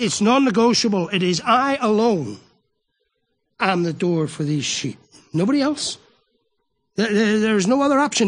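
A man preaching a sermon on a Bible passage, earnest and emphatic, repeating words as he stresses his points. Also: high voice.

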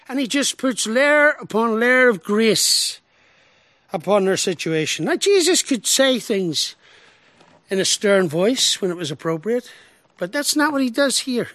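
A pastor with a high voice delivers an expressive sermon, posing rhetorical questions and swinging between emphatic lines and hushed ones. The recording is dry.

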